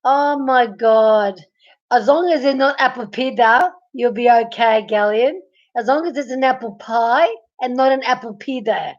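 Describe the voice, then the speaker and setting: Woman streamer chatting from bed; high-pitched, slow delivery, hoarse, muffled lo-fi audio. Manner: chatty, greets viewers by name, laughs a lot. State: losing her voice. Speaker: livestream host. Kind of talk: casual live chat reading comments. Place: at home, in bed.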